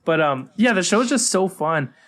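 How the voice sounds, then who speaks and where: A young man co-hosting a casual podcast, talking animatedly and mimicking characters in high voices. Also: sing-song, moderate pace, a bit bright. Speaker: podcast co-host. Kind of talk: casual chat.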